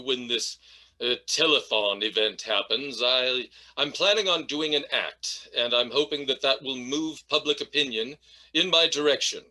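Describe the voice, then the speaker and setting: A man playing a pompous wealthy businessman father, speaking formally and haughtily with some halting restarts. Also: medium pitch, pushed and bright.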